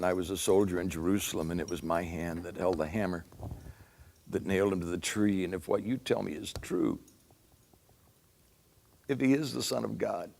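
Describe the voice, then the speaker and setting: A man's voice: low voice, vocal fry, a little mellow. A man performing a dramatic first-person monologue as a remorseful Roman centurion, telling his story earnestly and solemnly.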